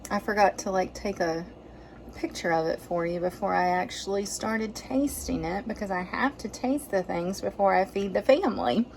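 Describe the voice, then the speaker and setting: A woman's voice: medium pitch, moderate pace, a little mellow, slight background noise. Chatty mom talking thru a recipe in her kitchen, folksy, jokes at herself. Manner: chatty, folksy, self-joking. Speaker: vlog host cooking. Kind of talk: casual cooking vlog chat. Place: home kitchen.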